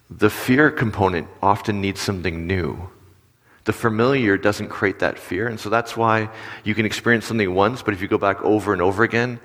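A male pastor giving a casual, talky sermon, his low voice carried by the long reverb of a large hall. He keeps checking in with his listeners through questions. He livens up when he acts out small scenes. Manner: conversational, animated when acting out stories, asks the audience questions.

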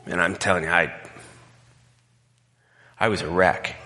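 Male pastor, low bright voice, candid emotional storytelling, long hall reverb. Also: steady tone, a little slow. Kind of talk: conversational sermon.

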